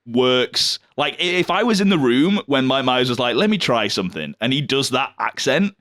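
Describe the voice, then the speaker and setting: A man's voice: mid-range voice, moderate pace, a bit bright, dry recording. Rambling man on a dry close mic. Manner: rambling, hedging with fillers and laughs. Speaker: podcast co-host. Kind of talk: casual movie chat.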